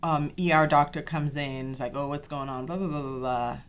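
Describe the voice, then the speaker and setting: Podcast host, young woman, low-pitched, emphatic, personal storytelling. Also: a little fast. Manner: animated, quotes others in dialogue, repeats herself.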